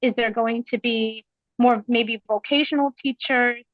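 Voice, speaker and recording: A woman's voice: fairly high pitch, steady tone, a little slow, dry recording, narrow, tinny audio. A woman asking questions during public comment at a community meeting, nervous, with a shaky voice.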